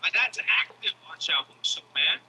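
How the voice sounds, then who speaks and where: Animated bright-voiced male comedian. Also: on the high side, moderate pace, slight background noise, rough recording. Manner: animated, casual, swearing, acts out voices. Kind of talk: stand-up comedy storytelling.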